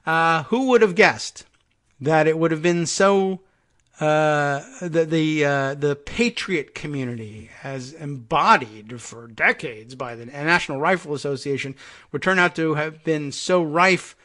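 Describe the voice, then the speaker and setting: Sardonic male talk-radio host reading articles aloud, fairly high-pitched, thinks out loud. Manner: sardonic, rambling, thinks aloud with many fillers. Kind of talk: casual political commentary, reading articles aloud.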